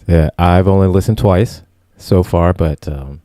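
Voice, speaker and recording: Deep, mellow laid-back man co-host. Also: a little slow, no echo, studio quality. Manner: laid-back, rambling, laughs easily. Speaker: podcast co-host. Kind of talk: casual podcast review chat.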